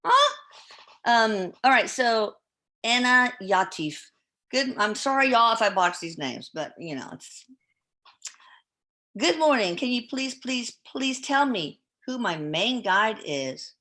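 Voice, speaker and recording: A woman hosting a live podcast who reads viewer questions aloud in a relaxed, chatty way and stumbles over names. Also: on the high side, slow pace. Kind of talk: casual live-stream chat.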